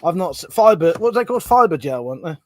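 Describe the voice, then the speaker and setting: A man's voice: fairly high pitch, big pitch swings, fairly quick. A middle-aged man hosting a casual live stream, swearing freely, laughing often and chatting about viewers' comments.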